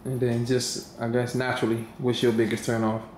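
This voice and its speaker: A man with a D.C. asks questions as a co-host, slangy and quick to chime in, his voice sitting at a middling pitch. The room is echoey, with faint noise behind him. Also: monotone, a little mellow. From Washington, D.C.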